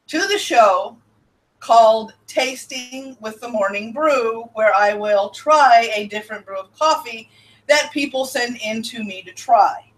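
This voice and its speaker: A woman's voice: on the high side, a bit bright, far from the mic, low-quality recording. A woman hosting a casual live-stream show, chatting, laughing often and answering her chat.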